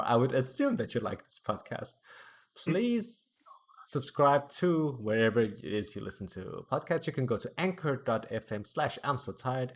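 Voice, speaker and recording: A man's voice: fairly low pitch, breathy edge. A man hosting a casual podcast, chatting loosely with fillers and frequent laughter. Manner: laughing, lively, rambling with fillers. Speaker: podcast host.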